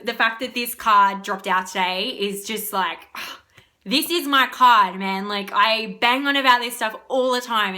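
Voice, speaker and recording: A woman's voice: medium pitch, sharp tone. A young woman, talking in a casual, rambling motivational vlog as a spiritual reader, often laughing.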